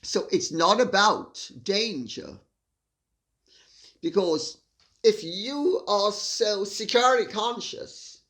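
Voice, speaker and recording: A woman's voice: mid-range voice, a bit bright. A woman hosting a solo commentary monologue, speaking in an arch, wry, theatrical way. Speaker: host.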